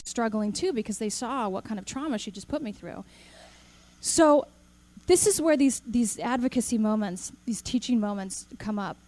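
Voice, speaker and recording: Woman speaker, animated storytelling talk, slightly higher voice, acts out dialogue. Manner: animated storyteller, acts out quoted dialogue, asks the audience questions.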